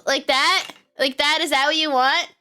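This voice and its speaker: Bright, high-voiced giggly woman streamer. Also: fairly even intonation, moderate pace, faint music behind. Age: 20s. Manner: playful, giggly and goofy, swears freely. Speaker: live streamer. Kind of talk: casual live-stream chat.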